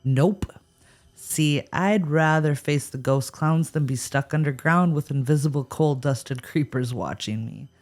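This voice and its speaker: A woman's voice: low-pitched, measured pace, a little mellow. A woman co-hosting a paranormal podcast, reacting with wry, sarcastic humor. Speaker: podcast co-host. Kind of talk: scripted paranormal podcast chat.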